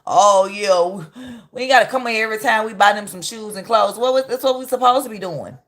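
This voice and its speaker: Talking fairly fast in a mid-range voice, a thirtysomething woman runs a relaxed livestream. She reacts to things with heated, mocking bluntness as she comments.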